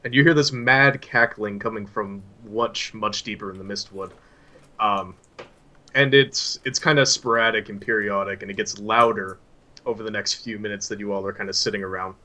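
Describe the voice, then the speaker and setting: Bright-voiced man narrating a story game. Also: fairly low pitch, steady tone. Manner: descriptive, halting with fillers. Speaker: game master.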